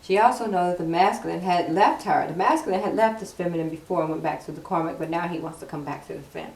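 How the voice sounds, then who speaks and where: A woman's voice: fairly low pitch, fast, creaky, a little mellow. Woman tarot reader, casual and teasing, echoey room recording with a faint hiss. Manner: chatty, teasing the cards, laughs often. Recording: echoey room, mic at a distance, faint noise.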